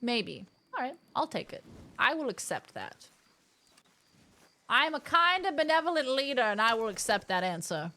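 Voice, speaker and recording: High, lively woman streamer joking. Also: normal speed. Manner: animated, jokey, exclaiming at the screen. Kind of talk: live game commentary.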